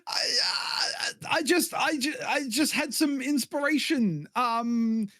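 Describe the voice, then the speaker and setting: Man, voice call, giggly, stammering, self-mocking, high bright voice, dry sound. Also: slow, no echo. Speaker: streamer friend on a call. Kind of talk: casual call chat.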